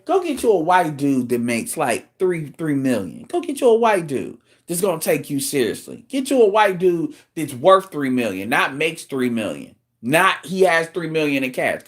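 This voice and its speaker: Animated man ranting bluntly. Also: on the high side, a little slow. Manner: blunt, profane, incredulous ranting. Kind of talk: casual rant commentary.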